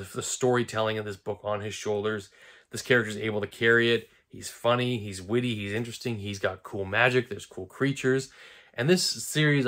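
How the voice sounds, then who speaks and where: A man's voice: on the low side, a bit bright. A man hosting a book review channel, talking casually to camera with eager, rambling enthusiasm and frequent restarts.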